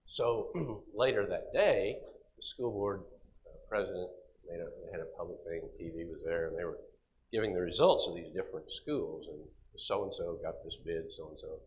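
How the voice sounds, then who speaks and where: A pastor with a low, deep voice preaches by telling a personal story, animated and often pausing to clear his throat. The recording is somewhat dull and lo-fi. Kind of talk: sermon testimony storytelling.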